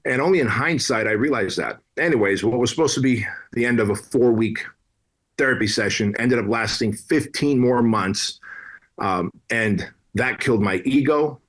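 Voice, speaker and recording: With a medium-pitched, fairly bright voice at normal speed, this podcast guest from Armenia, in his late thirties or older, shares a candid personal story. He keeps it blunt and casual, throwing in slang and swearing.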